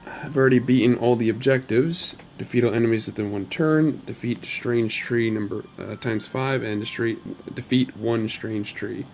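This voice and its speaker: A man's voice: mid-range voice, fairly even intonation, normal speed, darkish tone, slight background noise. Chatty man narrating his gameplay. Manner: chatty and upbeat, rambling asides. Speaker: gaming channel host. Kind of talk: casual gameplay commentary.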